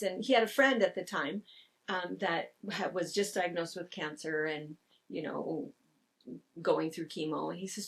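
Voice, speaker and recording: A woman's voice: on the low side, moderate pace, husky, distant mic. A woman co-hosting a quilt shop video, telling a story in a chatty way and laughing often. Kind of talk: casual chat.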